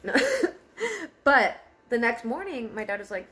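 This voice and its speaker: A woman's voice: a little high, expressive, measured pace, fairly bright tone, faint music behind. A young woman telling a personal story in a casual car vlog, candid, laughing often and swearing freely. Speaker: vlogger. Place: parked car.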